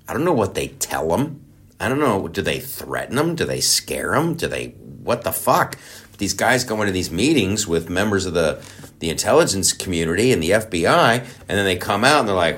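Low-voiced man ranting, profane and sarcastic. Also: sing-song, normal speed, a bit bright. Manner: rambling with frequent restarts. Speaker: political commentator. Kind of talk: ranting monologue.

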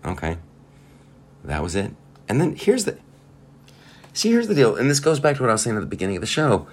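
A man's voice: medium pitch, very animated, a little fast. A man hosting a podcast, delivering a profane, sarcastic comedic rant with laughing asides. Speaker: podcast host. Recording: faint guitar music behind.

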